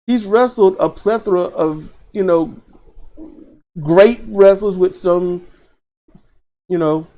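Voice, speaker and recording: A man hosting a casual wrestling commentary, animated and opinionated, repeating phrases for emphasis. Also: high voice, takes it slowly. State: choked up.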